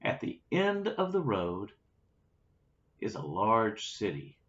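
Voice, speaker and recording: A man reading a children's story aloud, with lively storytelling and little asides, on a dull lo-fi recording. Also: lowish voice, takes it slowly. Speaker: storybook reader.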